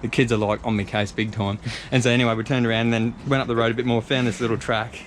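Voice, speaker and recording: A man's voice: mid-range voice, flat delivery, fast. A man in his thirties with an Australian accent, telling a rambling travel story full of fillers and slang, with faint noise behind him. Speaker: travel vlogger. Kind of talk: casual storytelling.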